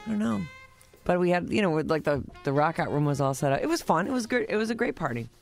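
A woman's voice: on the low side, big pitch swings, fast talker, a little mellow, faint music behind. A woman chatting casually with friends, rambling with many fillers as she tells about a party she hosted. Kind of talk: casual chat among friends.

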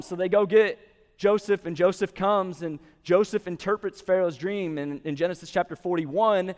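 A man's voice: sits high, moderate pace, darkish tone, in a large hall. A man giving a casual, conversational sermon, retelling a story and acting out the quotes. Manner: conversational, lots of "like", acts out quotes. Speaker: preacher. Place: venue with a live audience.

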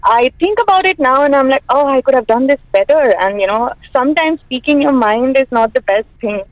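A woman's voice: high voice, expressive, fairly quick, no echo, low-quality recording. A woman speaking as a radio show guest, thoughtful and searching for words. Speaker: studio guest. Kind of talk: reflective chat.

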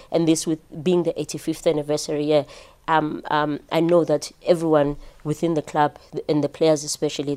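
A South African woman who works for a football club, answering interview questions in a halting way with many restarts. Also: deep voice, warm tone. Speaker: club staff member.

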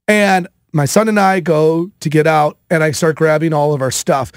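A man in his thirties hosting a podcast, telling a casual story in an animated way, with many fillers. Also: a little high, fairly quick, no echo, clean studio sound. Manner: animated, filler-heavy with frequent "like". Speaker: podcast host.

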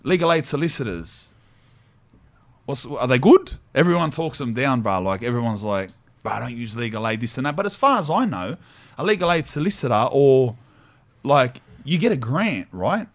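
A man's voice: medium pitch, big pitch swings, normal speed. A man with an Australian accent hosting a podcast, telling stories in a casual, slangy way with laughs. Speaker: podcast host. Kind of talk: casual storytelling chat.

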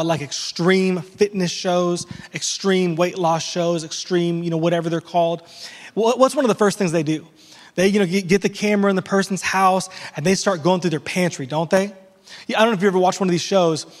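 A man's voice: high-pitched, in a large hall. A man preaching a conversational sermon as pastor, with frequent restarts and playful asides.

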